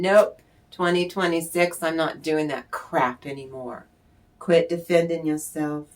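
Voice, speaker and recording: A woman's voice: deep voice, steady tone, a little slow. A woman giving a channeled tarot reading in a blunt, emphatic way, with swearing. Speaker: tarot reader.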